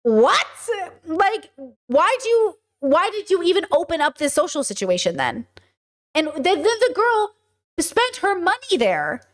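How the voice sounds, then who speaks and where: A woman in her thirties hosting a live stream, chatting with viewers in an animated way full of rhetorical questions. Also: very high voice, moderate pace. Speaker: streamer and podcast host. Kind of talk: casual live-stream commentary.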